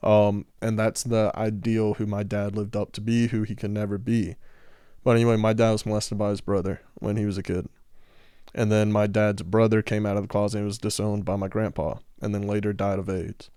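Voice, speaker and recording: A man's voice: lowish voice, little pitch movement, brisk, warm tone, clean tone, no echo, clean studio sound. A man from Georgia, talking frankly and candidly in a casual podcast conversation.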